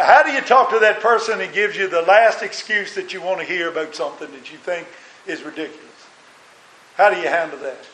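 A man's voice: high voice, a bit bright. A man preaching a sermon as a minister, earnest and full of rhetorical questions. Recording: roomy echo.

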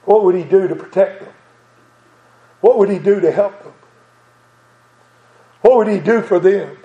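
High-voiced preacher in an echoey church. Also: male voice, measured pace, narrow, tinny audio. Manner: emotional, rising into fervent preaching with chuckles. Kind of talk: sermon.

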